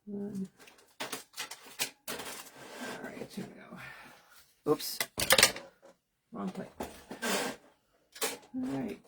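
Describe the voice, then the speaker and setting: A woman's voice: mid-range voice, very slow, vocal fry, long pauses, heavy background noise. A woman in her thirties hosting a casual crafting livestream from her home studio, chatting and talking to herself as she works. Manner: chatty, talks to herself while working. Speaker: card-making livestream host.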